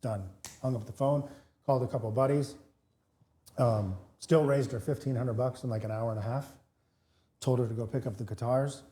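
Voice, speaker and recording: A man's voice: mid-range voice, moderate pace. A man co-hosting a podcast, telling a story in casual chat and acting out both sides of the conversation, with lots of restarts. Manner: animated storyteller, many restarts, acts out both sides of dialogue. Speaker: podcast co-host, real estate broker.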